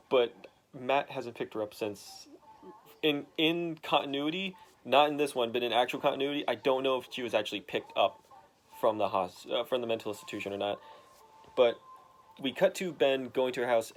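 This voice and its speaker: A young man casually retelling a comic book story to his dad, rambling with lots of fillers and quickly acting out characters' lines. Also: medium pitch.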